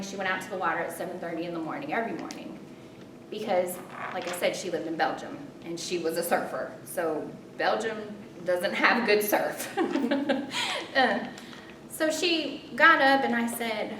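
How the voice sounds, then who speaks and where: A woman telling a personal story in an animated, self-mocking way, with dramatic pauses. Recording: roomy distant mic with rumble.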